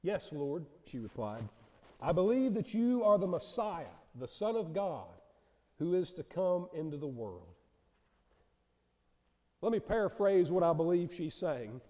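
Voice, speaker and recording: A man's voice: sits high, sing-song, unhurried, dark tone. Earnest preacher man in a reverberant hall. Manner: earnest, asks the congregation questions. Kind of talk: sermon. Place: church sanctuary.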